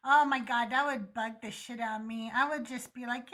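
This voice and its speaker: A woman's voice: on the high side, normal speed, few pauses. A middle-aged woman hosting a casual call-in chat, telling stories bluntly and swearing freely. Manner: candid, blunt, swearing freely, animated storytelling. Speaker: host.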